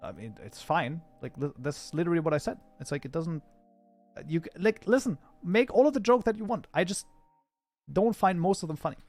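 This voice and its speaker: A man's voice: a little high, expressive, a little fast, darkish tone, dry recording, faint music behind. A man whose first language is German, chatting casually with his live-stream chat while coding, often breaking into mock outrage. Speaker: streamer, mod programmer.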